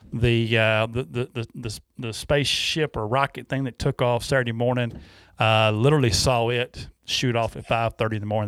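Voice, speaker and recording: A man telling a folksy, animated story in casual chat on a radio show. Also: medium pitch, dry recording, clean studio sound.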